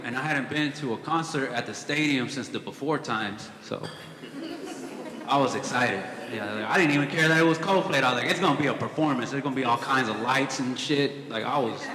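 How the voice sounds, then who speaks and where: Onstage at a comedy club before a live audience, a young man performs a stand-up set, telling stories casually and profanely with dry asides. His voice is medium-pitched with a sharp tone and a brisk pace, and the recording has hall echo and audience laughter.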